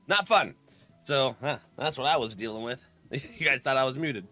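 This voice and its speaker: Chatty guy streaming a game, bright voice that bounces around a lot, laughs a bunch, soft music behind. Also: medium pitch, lively intonation, moderate pace. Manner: chatty, laughs often between remarks; greets viewers by name. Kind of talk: casual live-stream chat.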